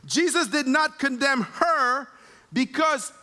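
Slow, high-voiced preaching man. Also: lively intonation, bright, forceful tone. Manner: emphatic, slow preaching with dramatic retold scenes. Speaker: pastor. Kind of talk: sermon.

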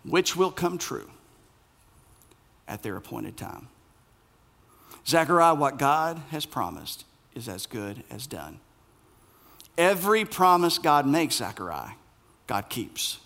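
Animated, bright-voiced male preacher. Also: mid-range voice, slow pace, creaky, pauses often. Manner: animated, playful, acts out voices in quotes. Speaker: pastor. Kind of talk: sermon.

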